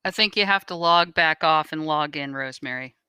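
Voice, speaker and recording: Low, crisp woman co-host. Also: brisk, sharp tone, no echo, studio quality. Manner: reassuring, direct to viewers. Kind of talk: live stream housekeeping.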